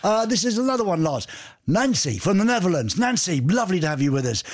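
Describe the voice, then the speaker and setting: Lively high-voiced male radio host. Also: quick pace. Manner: cheeky, joking, reads messages aloud with asides. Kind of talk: lively radio banter reading listener messages.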